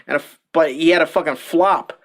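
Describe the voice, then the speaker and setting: Higher-pitched man telling rambling stories. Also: fairly quick, slight background noise. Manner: profane, rambling storytelling with frequent laughter. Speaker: podcast host. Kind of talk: casual podcast chat.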